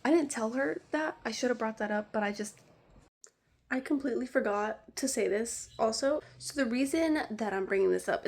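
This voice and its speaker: A woman's voice: mid-range voice, gravelly, a little mellow. A woman vlogger telling a story in a casual, rambling way, exasperated and leaning heavily on "like.". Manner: rambling and exasperated, heavy use of "like".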